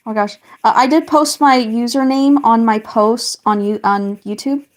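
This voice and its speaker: Casting: young woman, slightly high voice, rambling friendly live-stream chatter with fillers. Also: a little slow. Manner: chatty, reads viewer comments, many fillers and restarts. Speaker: livestreamer. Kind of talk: casual live-stream chat while colouring.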